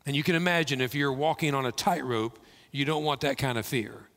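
A male pastor preaching a sermon in a church, slow and emphatic with dramatic pauses. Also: mid-range voice, a bit bright. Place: church sanctuary. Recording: long reverb of a large hall.

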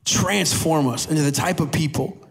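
A man preaching a sermon to a church audience, animated and emphatic, slowing down and speeding up for emphasis. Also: on the high side, gravelly. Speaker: pastor.

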